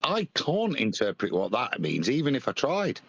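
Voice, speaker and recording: A man's voice: medium pitch, wildly swooping pitch, moderate pace, vocal fry, a bit bright, breathy edge, dry recording, highs cut off. A man on a voice call mocking a debater bluntly, sarcastic and saying "mate". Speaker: panelist. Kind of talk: casual chat in a voice call.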